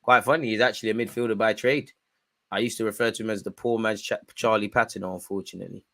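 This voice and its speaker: A young man hosting a football watch-along, commenting live and shouting at the referee. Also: quick pace. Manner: animated, shouts at the referee, spikes in pitch and volume.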